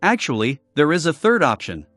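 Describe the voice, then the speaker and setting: A man's voice: on the high side, big pitch swings, normal speed, a bit bright, dry recording, clean studio sound, faint music behind. A man reading a tense, guarded young man. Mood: resolute.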